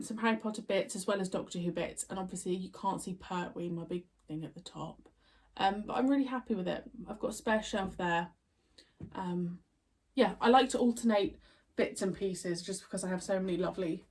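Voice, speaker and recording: A woman's voice: medium pitch, distant mic. Chatty, bubbly woman in her thirties. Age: 30s. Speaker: reaction video host. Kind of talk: casual chat.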